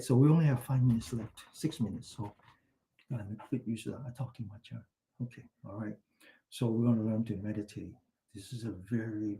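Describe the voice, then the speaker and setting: Man, meditation teacher, mellow warm tone, gentle slow instructions, chatty asides. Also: on the low side, creaky. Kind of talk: guided exercise and anecdote in a class.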